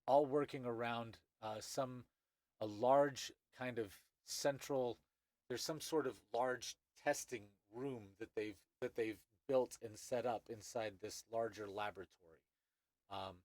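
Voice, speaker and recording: Halting man narrating a tabletop game. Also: mid-range voice, darkish tone, dry recording. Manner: halting, many restarts and fillers. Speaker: game master.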